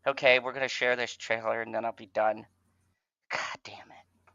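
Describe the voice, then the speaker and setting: A man hosting a casual fan podcast, swearing and stammering, swinging between exasperation and excitement. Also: medium pitch, normal speed, smooth, no echo, muffled recording. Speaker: host.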